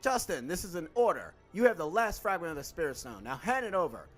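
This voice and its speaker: A man's voice: fairly high pitch, sing-song, fast talker, fairly bright tone, soft background music, voice pushed up. A man voicing a stern, duty-bound young female soldier, reading game dialogue aloud in a commanding, clipped way.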